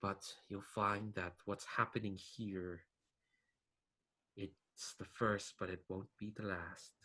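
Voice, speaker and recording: A man voicing the ghost of a male alchemist who acts as a mentor, speaking in a soft, slow, chiding way. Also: low voice, flat delivery, breathy edge, exaggerated voice, rough recording. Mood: ominous.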